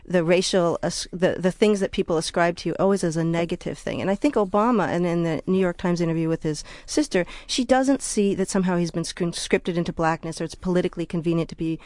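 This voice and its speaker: A woman's voice: on the low side, fast talker, hardly any pauses, darkish tone, no echo. A woman guest on a radio talk show who talks through ideas with thoughtful restarts. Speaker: guest author and scholar. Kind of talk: radio discussion. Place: radio studio.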